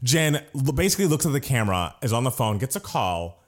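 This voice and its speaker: A man's voice: medium pitch, big pitch swings, fast talker. A man animatedly telling a story as he recaps a reality TV episode in casual chat, swearing now and then.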